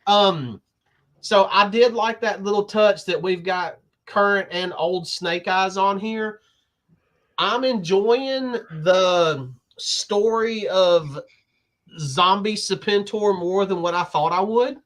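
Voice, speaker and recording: A laid-back man with a fairly high voice, telling stories in casual chat about comics. He talks easily and unhurried, recounting things step by step. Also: fairly bright tone. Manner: storytelling, laid-back with laughs. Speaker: podcast co-host.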